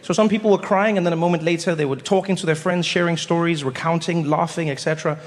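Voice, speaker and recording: A man from South Africa performing stand-up comedy, telling stories in a playful, animated way on a large stage. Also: a little high, fast talker. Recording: long hall reverb, faint noise.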